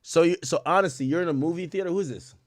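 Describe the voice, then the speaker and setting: A young adult man hosting a live stream, reacting loudly to gossip with profane, animated commentary and frequent laughter. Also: a little high, racing, slight background noise. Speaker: streamer host.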